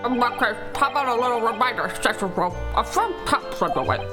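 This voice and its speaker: A woman's voice: on the high side, animated, fairly quick, close to an everyday voice. A woman putting on an old man's voice to play a stately older male judge with a pompous, formal manner. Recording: game music behind.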